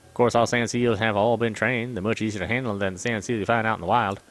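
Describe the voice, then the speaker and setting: A friendly middle-aged woman runs a small rental shop and chats up customers, as a man puts her on. She talks briskly in a salesy way in a game reading. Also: fairly even intonation, close to an everyday voice. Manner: chatty sales pitch. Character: friendly middle-aged female shopkeeper, chatty.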